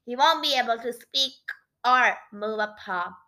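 A woman reading aloud and voicing a gleeful, eccentric old inventor grandfather mouse who declares things loudly. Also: a little high, measured pace. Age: older.

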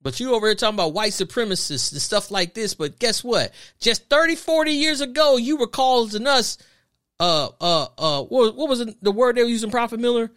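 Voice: medium pitch, lively intonation, a little fast, fairly bright tone. A podcast host delivering an emphatic, preachy opinion monologue full of rhetorical questions and repeated phrases.

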